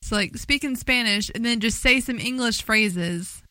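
A woman co-hosting a podcast, teasing her partner with quick casual replies. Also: a little high, pushed and bright, dry recording. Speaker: podcast co-host.

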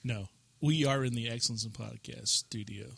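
Guy rambling about his new computer on a gaming podcast, bright voice, dry studio sound. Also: medium pitch, normal speed, creaky, breathy edge, no room sound. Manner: chatty, rambling gamer talk. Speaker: podcast co-host. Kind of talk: casual chat.

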